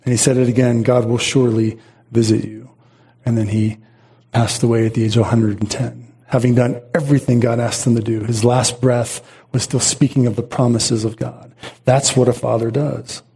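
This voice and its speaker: A middle-aged man preaches with a mellow, dark tone and a slightly husky edge. He speaks earnestly and repeats his phrases for weight, often restarting mid-thought as he drives his points home. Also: mid-range voice, little pitch movement, normal speed. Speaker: pastor. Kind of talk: sermon.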